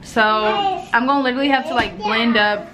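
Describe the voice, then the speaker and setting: A woman's voice: on the high side, animated, normal speed, over a noisy crowd. A young woman vlogging casually at home as a mother, chatting to the camera. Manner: chatty, doting baby talk to her sons. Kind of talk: casual vlog chat. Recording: clearly audible background noise.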